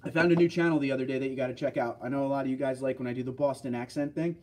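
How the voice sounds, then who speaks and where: A New York man hosts a livestream, chatting casually and rambling as he answers viewer comments. His medium-pitched voice moves quickly with fairly even intonation and a slightly mellow quality, over a faint hiss or hum.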